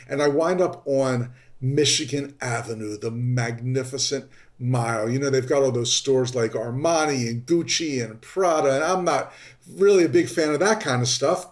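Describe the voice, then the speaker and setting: A man hosting a podcast, telling a story in an animated way and jumping high in pitch when he acts out his exasperation. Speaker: podcast host. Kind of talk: storytelling monologue. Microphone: podcast microphone.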